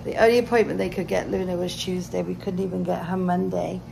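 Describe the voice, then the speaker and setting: Tired gravelly British woman vlogging. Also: lowish voice, fairly even intonation, fast talker. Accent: British English. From Britain. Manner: tired, chatty, emotional. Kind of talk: casual vlog chat. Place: emptying house, indoors. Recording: noisy home recording.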